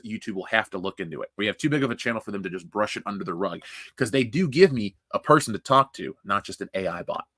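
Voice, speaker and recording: A man's voice: mid-range voice, bright, forceful tone, no echo, clean studio sound. A man hosting a casual livestream, reading chat and ranting bluntly with profanity. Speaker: livestream host.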